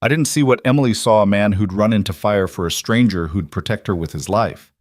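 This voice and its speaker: A man's voice: lowish voice, fairly quick, a little mellow, dry recording, clean studio sound, close to an everyday voice. A man voicing a proud, wealthy older father in a storybook reading, earnest and apologetic.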